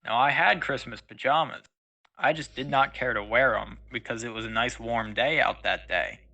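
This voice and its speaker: A teenage boy co-hosts a casual podcast with a bright, ringing voice. He is easygoing and agreeable and mostly chimes in briefly. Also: medium pitch, moderate pace, creaky, lo-fi sound. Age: teens. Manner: easygoing, agreeable, short replies. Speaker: podcast co-host. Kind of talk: casual chat.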